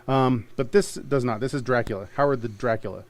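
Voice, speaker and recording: A man's voice: medium pitch, brisk. Jokey man selling comics on a stream. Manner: jokey, rambling, laughs often. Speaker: host of a live comic sale stream. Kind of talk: casual sales chat.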